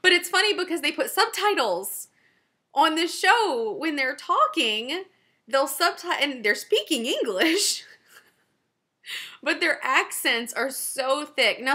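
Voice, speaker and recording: A woman in her forties with a Southern Louisiana accent, hosting a knitting video podcast in a fast, chatty way and laughing often. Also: high voice, big pitch swings, sharp tone. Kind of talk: casual chat to camera.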